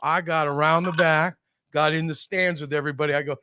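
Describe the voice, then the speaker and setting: A middle-aged podcast host with a slightly high, clear and resonant voice speaks briskly in a casual chat, telling animated stories, acting out quotes in different voices and laughing often.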